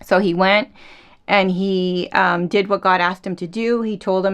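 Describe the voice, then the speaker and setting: A woman hosting a casual faith podcast, retelling a Bible story in a chatty, animated way and acting out the quotes. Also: mid-range voice, unhurried, clear, resonant tone. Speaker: podcast host.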